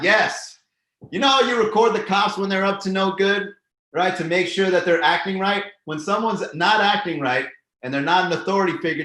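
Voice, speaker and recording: Profane casual live-stream host, echoey room. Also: male voice, a little high, fairly bright tone. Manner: loose and profane, riffs on chat comments. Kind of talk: casual live-stream chat reading comments.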